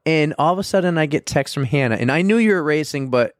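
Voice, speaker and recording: A man's voice: fairly high pitch, lively intonation, quick pace, no echo, clean studio sound. A man hosting a podcast, chatting casually and leading his guest with questions. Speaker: podcast host. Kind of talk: casual chat.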